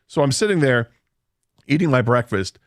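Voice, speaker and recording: A man on a radio show rambles through a funny story at his own expense, with a middle-pitched voice and plenty of restarts. The studio sound is dry and close, with no room echo. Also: lively intonation, normal speed. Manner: rambling anecdote with self-deprecating humor and frequent restarts. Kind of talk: casual storytelling on sports radio.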